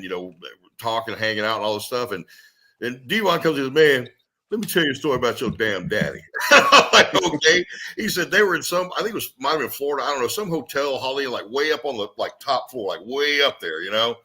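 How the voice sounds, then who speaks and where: A man co-hosting a casual chat, telling animated stories with frequent laughter and acted-out quotes. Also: medium pitch, fast talker. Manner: animated storyteller, laughs often, acts out quotes. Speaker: co-host.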